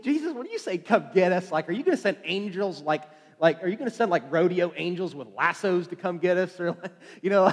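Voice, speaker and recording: Chatty preacher with lots of fillers. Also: male voice, a little high. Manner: chatty, joking, many fillers and restarts. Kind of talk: casual evening sermon. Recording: long hall reverb.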